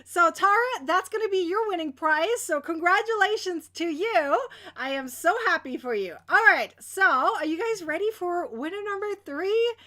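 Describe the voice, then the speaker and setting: A young woman hosting a crochet giveaway in casual livestream chat, bubbly and squealing with excitement. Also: very high-pitched, moderate pace.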